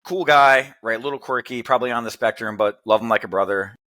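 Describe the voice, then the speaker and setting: A middle-aged man as a podcast guest, talking in a bright, punchy voice. He keeps things playful, teasing and laughing between lines in easy casual chat. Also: medium pitch, fast talker. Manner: joking, playful, laughs often.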